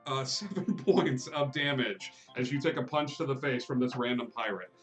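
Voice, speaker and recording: A man narrating a tabletop game as game master, relaxed and chuckling, with frequent ums and uhs. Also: medium pitch, moderate pace, soft background music.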